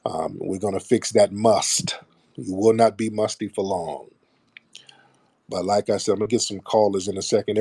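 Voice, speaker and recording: A man's voice: lowish voice, a little mellow, dry recording. A middle-aged man hosting a radio show, talking bluntly and profanely to his listeners in a casual monologue. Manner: mocks others in put-on voices.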